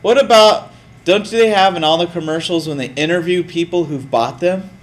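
A male teacher lecturing a classroom in a casual, lively way. His voice sits slightly high, and he keeps turning to the students with questions. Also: normal speed.

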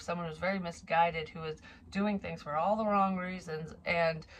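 A young woman with a slightly low voice talks through a psychic reading in a loose, rambling way, cursing freely as she goes. She coughs now and then and sounds a little wheezy. A faint hiss sits under her voice. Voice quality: casual and profane, rambling. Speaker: psychic reader. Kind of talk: tarot reading monologue.

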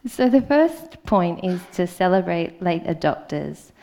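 A woman's voice: on the low side, sing-song, measured pace, vocal fry, mellow. A woman in her thirties with an Australian accent, giving a conference talk in a hesitant way with many ums. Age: 30s. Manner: hesitant, with frequent ums and uhs. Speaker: conference speaker. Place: conference hall.

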